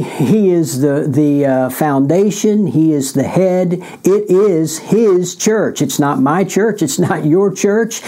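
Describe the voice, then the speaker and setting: Man, pastor delivering bible teaching, unhurried and mellow, emphatic with repeated phrases. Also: fairly high pitch. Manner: deliberate, emphatic, repeats key words. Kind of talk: sermon-style bible teaching.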